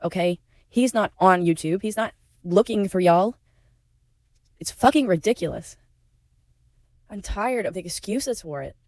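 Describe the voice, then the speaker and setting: In an expressive, mid-range voice with a darkish tone, she speaks unhurriedly with long pauses, and there's no room sound. She's a YouTube commentary creator offering blunt, indignant opinions, outspoken about her own victimhood and prone to swearing when upset. At times she is emotional enough to be near tears.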